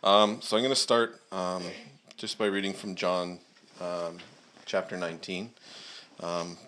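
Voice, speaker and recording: Leading a church service, a preacher with a somewhat low voice prays and then reads a lengthy scripture passage aloud at a measured pace. His tone is level and sharp, and "uh" and "um" fillers dot his delivery.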